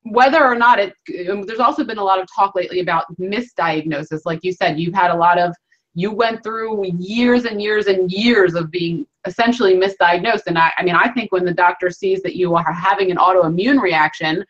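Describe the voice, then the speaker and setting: A woman's voice: medium pitch, fairly quick. A woman hosting an interview over a video call, speaking earnestly and circling back to restate her points. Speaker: host. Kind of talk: reflective interview commentary. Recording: dull lo-fi video call audio.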